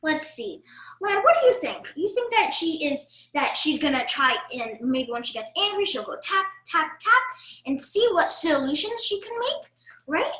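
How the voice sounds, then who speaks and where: Bright, high storytime voice for kids, roomy echo. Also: female voice, normal speed. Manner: animated, coaxing, talks straight to young kids. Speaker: children's storyteller. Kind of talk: reading a picture book to children.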